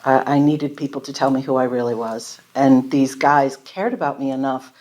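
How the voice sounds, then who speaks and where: A woman with a notably low, deep voice tells her recovery story to a room full of people. She is candid and self-deprecating, often laughing at herself, and slips into the voices of the people she quotes as she talks. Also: moderate pace, darkish tone. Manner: storytelling, acting out quoted conversations. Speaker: speaker at a recovery meeting. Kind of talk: personal recovery testimony. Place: meeting room before a live audience.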